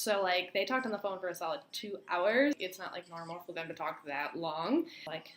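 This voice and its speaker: On the low side and at normal speed, this young adult woman's voice carries a vlogger's personal story. It's casual, chatty storytime full of "like," recorded in a space with roomy echo and faint room noise.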